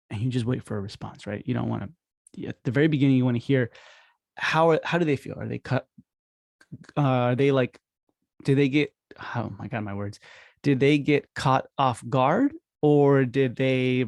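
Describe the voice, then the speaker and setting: A man in a casual instructional talk who acts out phone calls with quick voice shifts. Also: mid-range voice, creaky, darkish tone, no room sound, clean studio sound. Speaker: podcast host teaching dental marketing.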